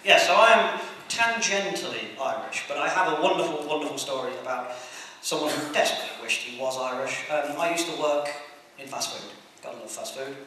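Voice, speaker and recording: A young English man doing a crude, rambling stand-up comedy set on a convention stage, mocking himself and shouting to the crowd. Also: on the high side, animated, fairly quick, hardly any pauses. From England. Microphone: distant camera. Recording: echoey hall, taped from far off, noisy. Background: audience laughter.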